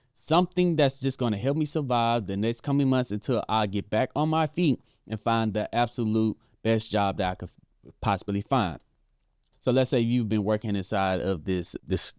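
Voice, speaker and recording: A man talks through layoff videos in a loose, repetitive commentary style, checking in with "right?" as he goes. His voice comes through smooth and clear, recorded dry and close. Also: lowish voice, darkish tone, no room sound. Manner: casual, repetitive, says "right?" often. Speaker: host. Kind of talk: reaction commentary.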